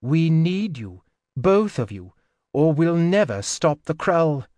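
A man voicing an older woman of a religious order, gentle but firm. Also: on the high side, big pitch swings, takes it slowly, no echo, pitched above the performer's own voice.

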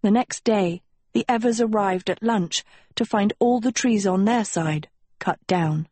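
A woman narrating an audiobook in a measured storytelling manner. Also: medium pitch, warm tone, no room sound. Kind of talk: scripted narration.

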